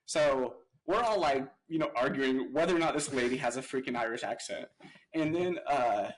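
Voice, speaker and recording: A man's voice: mid-range voice, lively intonation, moderate pace, low-quality recording. A young adult man casually telling an anecdote as a podcast guest, rambling with lots of "like" fillers. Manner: rambling, heavy use of "like" fillers. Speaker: podcast guest, real estate investor.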